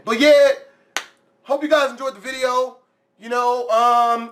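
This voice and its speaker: A man's voice: very high voice, animated, a little slow, pushed and bright. A man hosting a reaction video, jumpy and profane, laughing as he talks. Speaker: YouTube reaction host. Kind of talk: casual reaction commentary.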